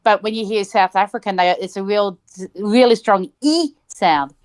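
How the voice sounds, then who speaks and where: A woman's voice: medium pitch, moderate pace, darkish tone. A woman chatting casually and thinking aloud, with frequent ums and restarts. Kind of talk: casual chat.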